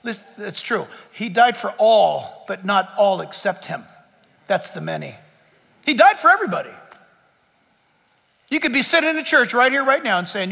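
A man preaching a lively sermon in a church, acting out the voices of his listeners. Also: high voice, moderate pace, vocal fry, long pauses. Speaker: pastor. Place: church sanctuary before a congregation. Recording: long church hall reverb.

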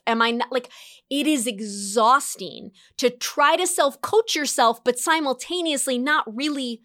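A woman in her thirties, an entrepreneur, reflecting in an animated solo talk with quick bursts and light laughs. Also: high-pitched. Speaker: entrepreneur and course creator.

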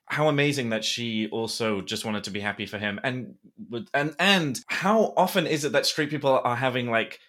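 A man hosting a podcast, talking casually in a frank, animated way and swearing now and then. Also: medium pitch, normal speed, few pauses. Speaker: podcast host. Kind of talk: casual chat.

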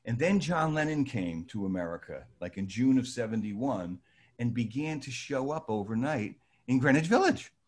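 An older man spins anecdotes for a small audience in a loose, conversational way. His voice sits in a middle register and jumps higher when he acts out what others said. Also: moderate pace. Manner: animated, acts out quoted voices with rising pitch. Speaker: storyteller addressing a live audience. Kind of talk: casual anecdotal storytelling.

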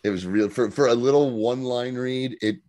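A man's voice: medium pitch, normal speed, no echo. A man co-hosting a podcast, retelling a TV episode casually with lots of swearing and acted-out lines. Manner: profane, animated storyteller who acts out scenes. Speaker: podcast co-host. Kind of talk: casual chat recapping a TV episode.

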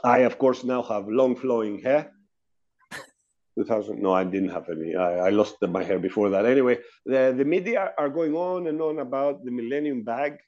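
Man, chatty anecdote, mellow voice, muffled video call sound. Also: mid-range voice, normal speed. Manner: chatty, laughs between anecdotes. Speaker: hotel industry guest telling a story. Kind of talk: casual storytelling on a video call.

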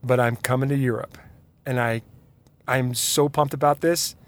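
A man's voice: medium pitch, moderate pace, dry recording. A man hosting his own podcast, talking casually and with energy, laughing easily and drifting into side notes. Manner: animated, laughs easily, digresses. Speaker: podcast host. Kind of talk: casual solo podcast talk.

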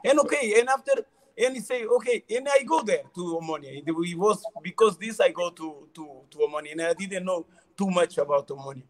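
A middle-aged former footballer who speaks halting non-native English, repeating words and laughing often as he tells stories in a casual interview. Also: sits high. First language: not English.

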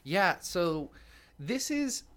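A man's voice: high voice, very animated, extremely slow, a bit bright. A young man co-hosting a casual podcast, rambling and joking at his own expense. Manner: rambling, jokey, self-deprecating. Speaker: podcast co-host.

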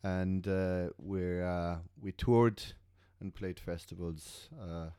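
A middle-aged musician from Switzerland, guesting on a podcast, speaking in short, halting phrases with uhs. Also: male voice, deep voice, steady tone, mellow, clean tone. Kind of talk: casual podcast chat.

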